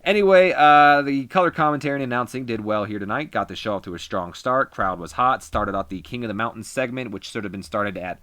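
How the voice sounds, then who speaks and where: A man's voice: medium pitch, a little fast, few pauses, fairly bright tone, no room sound. A man casually narrating a wrestling management game, chatty with rambling asides. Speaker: gaming video host. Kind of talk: casual game playthrough commentary.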